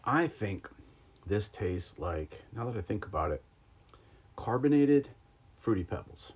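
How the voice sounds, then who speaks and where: A man's voice: on the low side, sing-song, unhurried, breathy edge. A man hosting a livestream, chatting casually and rambling with lots of ums and likes while taste-testing sodas. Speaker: podcast host. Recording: slightly dull lo-fi stream audio.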